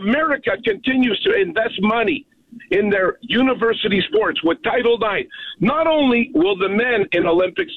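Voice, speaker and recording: High-voiced husky man ranting down a phone line. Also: dry recording. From Canada. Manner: emphatic, keeps checking in with "okay?". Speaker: radio caller. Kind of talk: phoned-in talk radio rant. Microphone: telephone. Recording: narrow phone line, dry.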